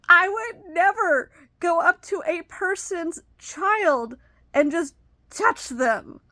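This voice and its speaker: A middle-aged woman telling personal family stories, rambling with many ums and you-knows, her voice climbing high and loud when she gets worked up. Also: lively intonation, slow, dry recording, clean studio sound. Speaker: vlogger. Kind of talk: personal storytelling.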